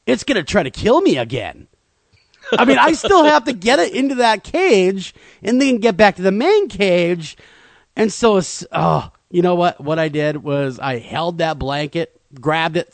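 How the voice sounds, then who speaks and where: A man co-hosting a talk radio show, telling a comedic, self-deprecating story in an animated way. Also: high voice, dry recording.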